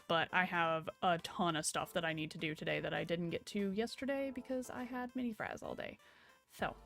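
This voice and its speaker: A woman's voice: mid-range voice, fairly bright tone, smooth. A young woman streamer chatting casually from home at her computer, rambling and swearing a little as she wraps up. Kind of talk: casual stream sign-off chat.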